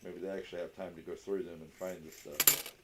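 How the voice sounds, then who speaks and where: A man's voice: low-pitched, brisk. Joking, chatty man with background noise. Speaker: co-host of a coin roll hunting livestream. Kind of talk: casual chat. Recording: clear steady background noise.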